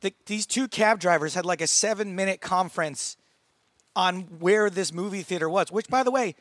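Guy with a high voice telling stories on a podcast, lively and laughy, dry close mic. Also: normal speed, dry recording. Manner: animated storyteller, laughs often. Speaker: podcast co-host. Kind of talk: casual chat.

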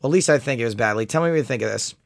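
A man talks casually through a poker hand he played, full of fillers and quick restarts. His voice sits at an ordinary middle pitch. The sound is dry and close, with no room around it. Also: creaky, no room sound. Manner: animated storytelling, mocks an opponent's angry chat. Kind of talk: casual chat.

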